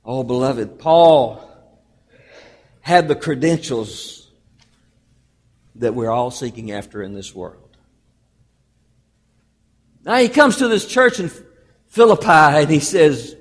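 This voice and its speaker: A man preaching from the pulpit in a high voice that rises and falls widely. He stresses key words loudly, then drops to a hush and draws the phrase out. His delivery is emphatic and animated throughout the sermon. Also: in a large hall. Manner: emphatic preaching, calls the congregation "beloved"; swings between loud emphasis and hushed, drawn-out phrases. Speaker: pastor.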